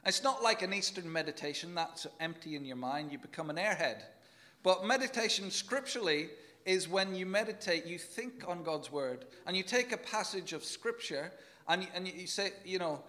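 Earnest guy preaching a sermon, high voice, leans hard on words and repeats himself. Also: brisk, pushed and bright.

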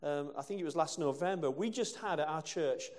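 A man's voice: fairly high pitch, brisk, darkish tone. A male preacher from England giving a conversational sermon with rhetorical questions and asides. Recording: long hall reverb.

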